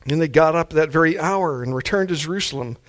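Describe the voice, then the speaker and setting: A man's voice: a little high, fast talker, a bit bright. A man preaching a sermon in a mild-mannered, laid-back way.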